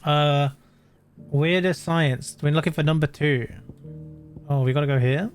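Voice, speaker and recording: A man's voice: fairly high pitch, unhurried. A British man streaming a game, chatting casually and animatedly with his chat as he plays. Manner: chatty, animated, answers chat, laughs often. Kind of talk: casual gameplay commentary. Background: game music.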